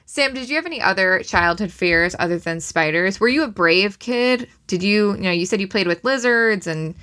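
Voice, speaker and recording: A woman's voice: mid-range voice, expressive, moderate pace, bright, forceful tone, clean tone. A woman hosting a casual podcast chat, chatty and rambling with plenty of fillers.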